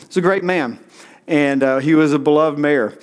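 A middle-aged man preaching a sermon in a relaxed, conversational storytelling way, with frequent "uh" fillers. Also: on the high side, moderate pace. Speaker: pastor.

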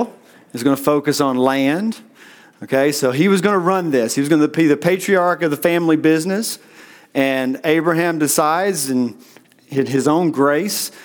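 A middle-aged man preaching a sermon in a relaxed, conversational storytelling way, with frequent "uh" fillers. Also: fairly high pitch. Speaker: pastor.

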